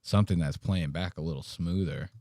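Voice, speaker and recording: A man's voice: sits low, a little fast, heavy background noise. A man hosting a podcast, casually reacting to a clip in a blunt, profane, mocking way. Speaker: podcast host.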